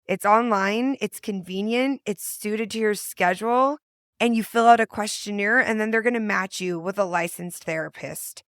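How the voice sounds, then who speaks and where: A woman's voice: mid-range voice, normal speed, clean tone. A woman hosting a podcast in casual, effusive chat, laughing often as she talks. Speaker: podcast host.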